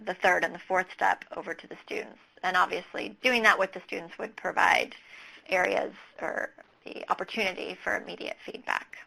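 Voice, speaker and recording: A woman's voice: medium pitch, vocal fry, sharp tone, rough recording. A woman presenting a teaching webinar, methodically walking through lesson steps with occasional fillers. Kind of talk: explanatory webinar talk over slides.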